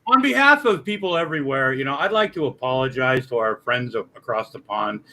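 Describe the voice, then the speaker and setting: A man joining as a guest, joking loudly and swearing freely. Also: medium pitch, expressive, a little fast, low-quality recording. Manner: profane, jokey, loud entrance.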